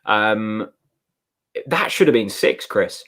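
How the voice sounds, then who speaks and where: A man co-hosting a live football watchalong, talking in a chatty, excitable way. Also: lowish voice, takes it slowly. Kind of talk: casual live match chat.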